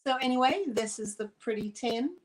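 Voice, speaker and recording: A woman from New York with a New York accent, running a chatty live sale of vintage items into her phone, filling pauses with ums. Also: a little high, rough recording. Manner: chatty, friendly, many fillers. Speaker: online vintage seller.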